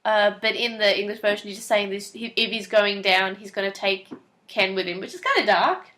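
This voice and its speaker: A woman co-hosting a podcast chats casually, recapping episode plots and acting out characters' lines as quotes. Her voice is medium-pitched, bright and forceful, and she talks fairly quickly.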